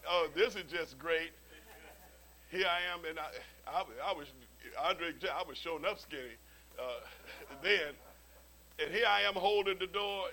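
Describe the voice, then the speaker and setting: High-voiced and recorded in low quality, this man is a pastor delivering a sermon. He tells stories with animated energy and humorous asides, often doubling up words as a sentence begins.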